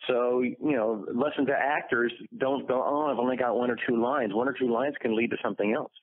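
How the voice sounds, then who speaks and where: Man, voice actor guest, lively anecdotes, phone-thin audio, dry. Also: medium pitch, fairly quick, no room sound, narrow, tinny audio. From United States. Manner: lively storyteller, acts out quotes. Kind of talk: interview anecdotes.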